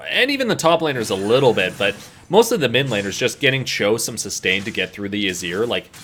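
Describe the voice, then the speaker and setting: Bright-voiced joking male esports caster. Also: on the low side, sing-song, brisk, a little hiss or hum. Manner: jokey, playful banter. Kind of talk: play-by-play commentary.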